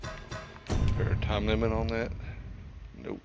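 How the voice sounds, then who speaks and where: Laid-back low-voiced gamer man. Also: flat delivery, slow, vocal fry, loud music behind the voice. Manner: laid-back, drawling, joking. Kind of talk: casual let's-play commentary.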